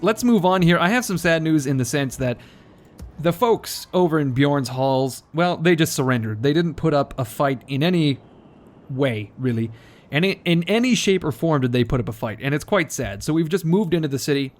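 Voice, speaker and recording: A man hosting a let's play, talking through his game in a rambling, jokey way and often correcting himself mid-sentence. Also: medium pitch. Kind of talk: casual gameplay commentary.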